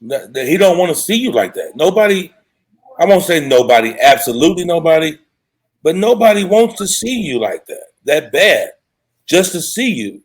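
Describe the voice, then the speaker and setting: A man's voice: a little high, sing-song, husky. A man hosting a casual live show as a dating coach, talking frankly in a loose, rambling way and reading out viewer comments. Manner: loose and rambling, frank, quick asides and self-corrections.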